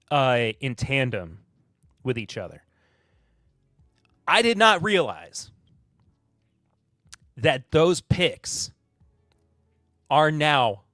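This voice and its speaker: Slow-talking man hosting a bourbon stream. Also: fairly high pitch, no room sound, clean studio sound. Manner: relaxed, rambling, with fillers and self-corrections; answers chat comments and laughs at them. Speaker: podcast host. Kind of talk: casual live-stream chat.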